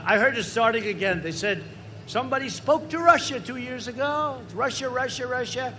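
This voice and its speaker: High-pitched rambling older man at a rally. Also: expressive, a little fast, slight background noise. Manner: repetitive, rambling, swings to loud emphasis. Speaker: politician at a rally. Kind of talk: campaign rally speech. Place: large campaign rally.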